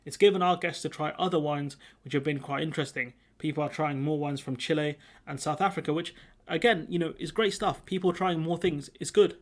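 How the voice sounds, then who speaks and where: A man's voice: a little high, a little fast. A young man hosting a casual commentary video, talking in a sarcastic, mocking, conversational way. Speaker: commentary channel host.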